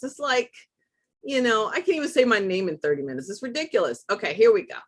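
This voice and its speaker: A woman's voice: fairly high pitch, expressive, fast talker. A woman hosting a live online tutorial, chatting casually and talking through each step with self-deprecating asides. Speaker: host.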